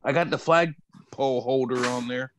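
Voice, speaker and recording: A man's voice: mid-range voice, moderate pace. A slightly tipsy man chatting casually, rambling and restarting his sentences. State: a little tipsy. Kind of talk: casual chat.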